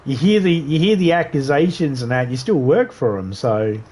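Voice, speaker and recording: A man's voice: a little high, expressive, moderate pace, a little mellow. A man streaming a video game live, riffing in crude, rambling banter and laughing at his own jokes.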